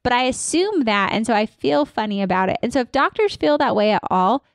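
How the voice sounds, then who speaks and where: Woman, consultant, energetic, slightly high-pitched, dry studio sound. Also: a little fast, no room sound. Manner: energetic, upbeat, acts out staff and patient lines. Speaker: dental practice consultant. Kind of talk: podcast interview guest.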